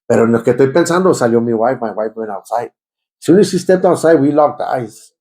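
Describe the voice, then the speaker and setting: A man's voice: medium pitch, fast talker, mellow, low-quality recording. A man telling his life story in an interview, emotional and repetitive, slipping into phrases. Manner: emotional, repetitive, switches into Spanish. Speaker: interviewee giving testimony. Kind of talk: conversational personal testimony.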